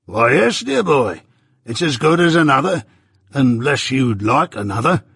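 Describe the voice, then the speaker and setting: A blunt, hungry old ex-convict , as a man puts him on for an audiobook, growls out his words in a gravelly, husky voice. His speech is rough and rustic, and he keeps saying "dear boy". The sound is close and dry. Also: mid-range voice, sing-song, measured pace, fairly bright tone, dry recording, exaggerated voice. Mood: gruff, wary. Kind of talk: audiobook character voice.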